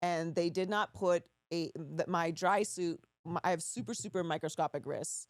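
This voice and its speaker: A woman hosting a casual interview, asking curious, quick follow-up questions. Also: fairly low pitch, no echo, studio quality. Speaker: host.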